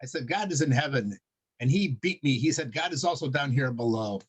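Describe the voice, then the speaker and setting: A man's voice: medium pitch, animated, fairly quick, husky. A man as a defeated scheming priest. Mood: explaining.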